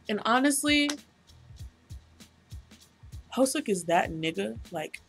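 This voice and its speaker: A young woman vlogger chatting casually about a concert, gushing, excitable and full of slang and swearing. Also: medium pitch. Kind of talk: casual concert recap chat.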